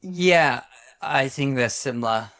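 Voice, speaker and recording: A man's voice: medium pitch, slow pace, fairly bright tone. A man co-hosting a podcast in casual chat, talking hesitantly with plenty of fillers and restarts. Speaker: podcast co-host.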